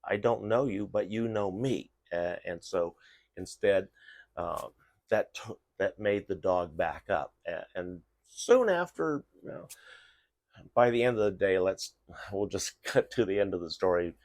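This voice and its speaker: Deep-voiced man telling rambling stories. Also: lively intonation, measured pace, darkish tone, no room sound. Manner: rambling, many restarts and fillers. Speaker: vlogger giving dog safety tips. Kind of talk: casual storytelling.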